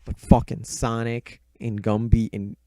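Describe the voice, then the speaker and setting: A man's voice: medium pitch, little pitch movement, a little slow, dark tone, no room sound. Foul-mouthed sardonic man rambling a recap. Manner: sardonic, swears constantly, rambling asides. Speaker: book and movie reviewer. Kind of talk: casual profane recap.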